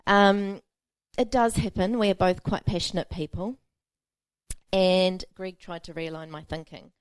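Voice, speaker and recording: A woman's voice: on the low side, fairly even intonation, unhurried, smooth, no echo. A woman pastor preaching a sermon, telling a self-mocking personal story with frequent laughter.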